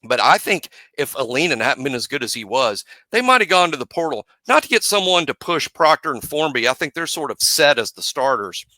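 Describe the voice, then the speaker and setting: Bright-voiced man in dry close sound. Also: mid-range voice, very animated, a little fast, hardly any pauses, no room sound. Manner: storytelling, acts out quotes loudly. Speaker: podcast host. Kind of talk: casual sports chat.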